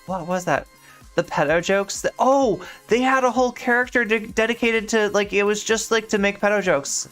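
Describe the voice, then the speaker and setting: A woman streams a game and chats casually, rambling with lots of filler words. Her voice is smooth and clear. Faint game music plays underneath. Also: medium pitch, moderate pace. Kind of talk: casual live-stream chat while gaming.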